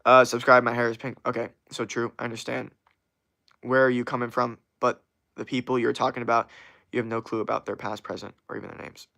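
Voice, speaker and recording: A man who hosts a casual livestream and reads viewer comments aloud. He rambles in a relaxed way and swears often, with an average pitch. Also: fairly quick, vocal fry. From USA. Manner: rambling, profane, laid-back. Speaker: livestream host.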